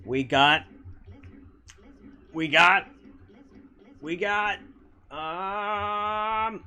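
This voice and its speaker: While streaming a game, a man chats casually with viewers and reads their comments, arguing bluntly, swearing often and frequently restarting his sentences. His mid-range voice is a bit bright and very animated, at a measured pace.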